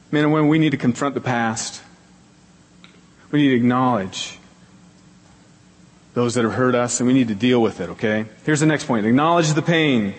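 A middle-aged male pastor preaching a sermon, telling stories earnestly, repeating key phrases for emphasis. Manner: acts out quoted people in a higher voice. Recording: long hall reverb.

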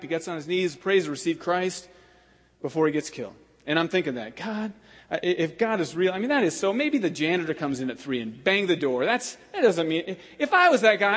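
Animated high-voiced male preacher in a hall. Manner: animated, acts out voices and laughs while telling stories. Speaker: pastor. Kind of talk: sermon storytelling. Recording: long hall reverb.

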